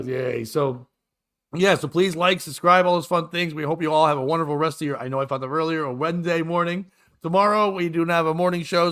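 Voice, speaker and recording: A man's voice: a little high, a bit bright. A man hosting a casual comedy morning show, telling rambling stories full of stammers and restarts. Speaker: podcast host.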